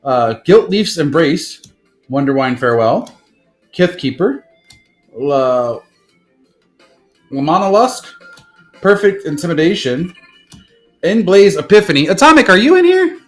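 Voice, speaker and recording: A young man on a live stream, casually opening card packs and rattling off card names, with bursts of excitement. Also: a little high, unhurried, pauses often, soft background music.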